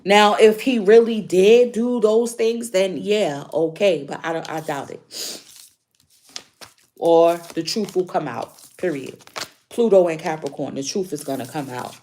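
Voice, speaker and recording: A woman's voice: on the low side, unhurried, a little mellow, slight background noise. A woman doing a casual spiritual tarot reading for her viewers, chatty and emphatic, repeating key points. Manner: chatty, emphatic repetition, frequent laughs. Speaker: tarot reader.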